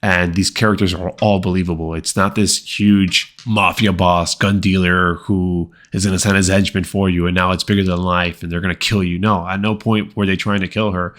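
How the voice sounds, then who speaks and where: A man's voice: deep voice, level tone, normal speed, hardly any pauses, a bit bright. A man reviewing a movie in a casual, conversational way, full of fillers and repeated words. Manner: acts out quoted lines. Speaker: film reviewer.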